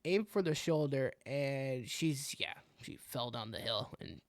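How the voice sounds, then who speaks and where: A man's voice: mid-range voice, lively intonation, unhurried, no room sound, studio quality. A young man, co-hosting a podcast and animatedly telling a hunting story, acting out his own reactions as he goes. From Wisconsin. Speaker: podcast co-host. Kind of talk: casual hunting story chat.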